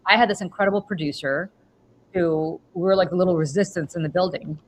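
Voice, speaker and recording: Middle-aged woman telling an animated story. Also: lowish voice, fast talker, poor audio. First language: Russian. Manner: animated storyteller, acts out her own reactions. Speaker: podcast host. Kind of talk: casual chat. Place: home.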